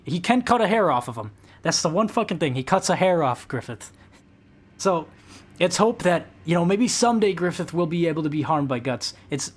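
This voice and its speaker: Profane, animated male game streamer. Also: fairly high pitch. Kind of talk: casual live-stream chat.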